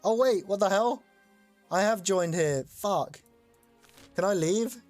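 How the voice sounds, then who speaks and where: A streamer hosting a chat-voted game live, excitable and loose, swearing casually while explaining the rules. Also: medium pitch, takes it slowly, no echo, faint music behind.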